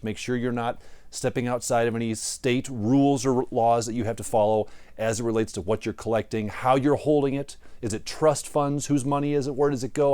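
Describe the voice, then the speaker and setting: A man hosting a property management advice video, talking straight to the viewer in a lively, emphatic way. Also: medium pitch, no room sound. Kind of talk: direct-to-camera business advice.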